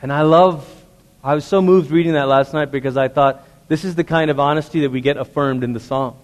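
A man's voice: fairly high pitch, fairly even intonation, brisk. A male pastor preaching a sermon to a congregation in a church, speaking earnestly and conversationally, often asking the listeners direct questions. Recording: long reverb of a large hall.

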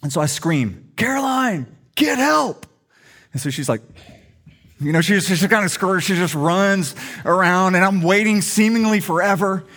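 A man's voice: high-pitched, moderate pace, a bit bright. A middle-aged male pastor preaching a sermon in a humorous, conversational storytelling way.

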